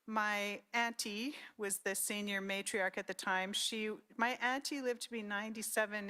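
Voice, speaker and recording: A middle-aged woman from Saskatchewan giving a conference talk, telling personal family stories and acting out her relatives' words. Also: medium pitch. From Saskatchewan, Canada. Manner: storytelling, animated quoting of relatives. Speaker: conference speaker.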